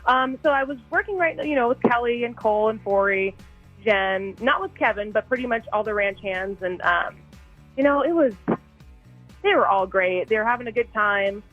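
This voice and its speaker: A woman guest talking on the phone, chatty and quick to laugh. Her voice sits fairly high. Faint music plays behind. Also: highs cut off. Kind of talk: casual phone interview. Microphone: phone line.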